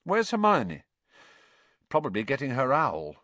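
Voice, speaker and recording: A man voicing a calm, level-headed teenage wizard boy with a dry, understated manner. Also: medium pitch, unhurried, dry recording, voice pushed up. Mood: plain.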